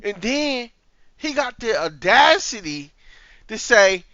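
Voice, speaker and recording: A man's voice: very high-pitched, very animated, slow, bright, forceful tone, no room sound, muffled recording. A man hosting a reaction video, talking in a heated, profane, casual way.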